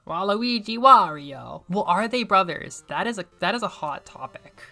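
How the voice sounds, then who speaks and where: A woman streamer chatting casually and excitably while she plays a video game, often joking at her own expense. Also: mid-range voice, moderate pace, vocal fry, soft background music. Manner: chatty, excitable, self-deprecating. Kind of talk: casual gameplay commentary.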